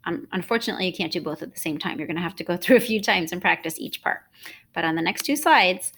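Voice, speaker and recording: A woman teaching an online music lesson, explaining rhythm and solfege in a clear, patient, encouraging way. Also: mid-range voice, a bit bright.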